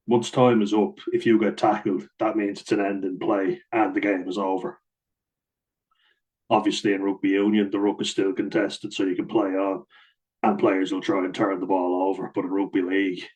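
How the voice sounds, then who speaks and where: Low, flat-voiced man talking rugby. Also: poor audio. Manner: blunt and chatty, swears and laughs easily. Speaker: host and rugby player. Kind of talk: casual commentary on rugby rules.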